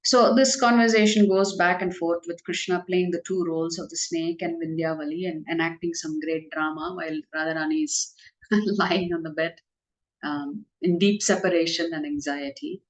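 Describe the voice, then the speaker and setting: A woman's voice: lowish voice, fairly even intonation, normal speed. Woman telling a devotional story. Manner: conversational, with fillers and light laughs. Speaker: devotional class speaker. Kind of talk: storytelling religious talk. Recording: echoey room.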